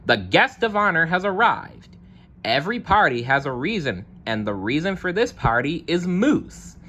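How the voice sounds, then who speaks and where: A man's voice: on the high side, very animated, normal speed, bright, forceful tone, slight background noise, voice pushed up. A man voicing a kind male zebra in a read-aloud storybook, announcing and reassuring in a raised, upbeat voice. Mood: encouraging. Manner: announcing, encouraging.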